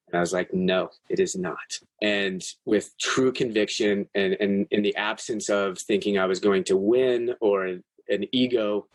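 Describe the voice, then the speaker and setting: A man's voice: fairly low pitch, dry recording. A man guest on a podcast, earnestly and intensely telling a personal story in casual chat, with restarts and the odd swear word.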